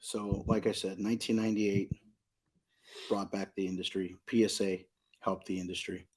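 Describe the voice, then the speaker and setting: A low, husky, slightly mellow voice with a level tone and normal speed belongs to a middle-aged card shop owner from Southern California. Guesting on a casual podcast, he talks emphatically, repeats his points, and asks "you know what I mean?"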